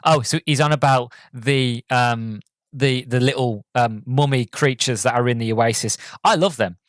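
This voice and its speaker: An enthusiastic man hosts a casual podcast movie review. He rambles, filling his sentences with ums and likes. His voice sits at an ordinary middle pitch and is recorded close and dry, with no room sound. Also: moderate pace, no room sound. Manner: enthusiastic, rambling, many filler words. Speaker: podcast host.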